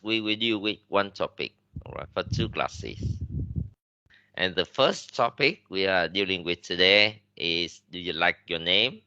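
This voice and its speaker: A man with a Vietnamese accent lectures a class in a very low but bright, forceful voice. He talks in loose, halting English full of fillers and restarts, slipping into Vietnamese to explain. The sound is dry and slightly muffled, like a lo-fi classroom recording. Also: clean tone, no room sound. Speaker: English teacher.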